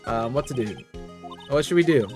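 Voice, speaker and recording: A streamer reading game dialogue aloud with low, deadpan muttered asides. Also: moderate pace, faint music behind.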